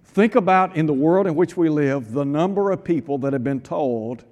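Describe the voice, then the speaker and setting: A man delivering a radio sermon in a fairly high voice. He preaches emphatically and keeps pressing his listeners with rhetorical questions. His voice rings with a long reverb, as if spoken in a big hall. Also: moderate pace, a little mellow.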